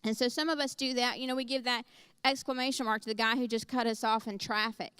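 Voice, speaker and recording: Animated woman preaching a sermon. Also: fairly high pitch, fast talker, smooth. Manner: storytelling, animated and conversational.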